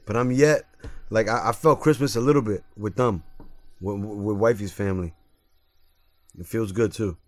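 A man's voice: lowish voice, moderate pace, long pauses, darkish tone, dry recording. A young man hosting a podcast in laid-back casual chat, full of slang and restarts. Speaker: podcast host.

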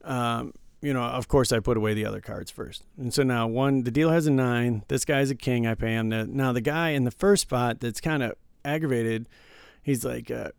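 A man's voice: mid-range voice, moderate pace, vocal fry, smooth, no room sound, clean studio sound. A man chatting casually as a podcast co-host, telling rambling work stories and stammering at times. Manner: rambling storyteller, stammers, says "right" a lot. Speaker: casino dealer, podcast co-host. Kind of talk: casual chat.

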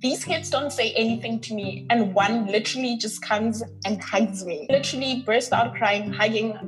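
A woman's voice: fairly high pitch, moderate pace, over music, low-quality recording. A woman from the North West, a podcast guest telling a personal story in a heartfelt, emphatic way and repeating words for weight. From North West, South Africa.

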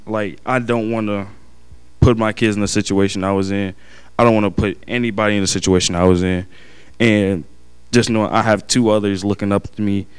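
A young man giving an earnest, halting personal testimony to his family and church, often restarting his sentences. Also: lowish voice, smooth.

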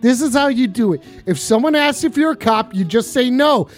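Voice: mid-range voice, expressive, brisk, soft background music. A tipsy streamer in casual chat, goofily reading viewers' questions aloud to a guest.

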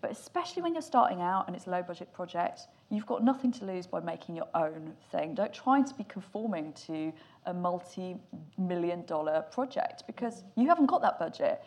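A woman's voice: on the low side, fairly quick. A woman speaking as a guest filmmaker on a panel in front of a live audience. She talks openly and with energy and swears now and then. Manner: candid, animated, swears casually. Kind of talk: panel discussion.

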